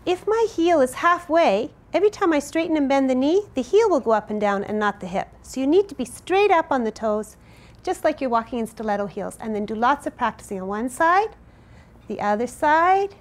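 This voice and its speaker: A woman teaching a dance lesson, explaining and counting out each move as she demonstrates it. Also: sits high. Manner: clear, counting out moves while demonstrating. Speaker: dance instructor.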